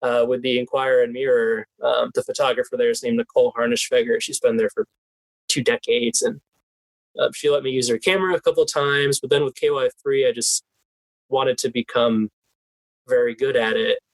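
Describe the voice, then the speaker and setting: Young adult male guest, mid-pitch, lively, chuckling through his answers, dry and close. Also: a little fast, dry recording, low-quality recording. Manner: animated, laughs often, restarts. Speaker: guest, team PR specialist. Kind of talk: casual interview chat.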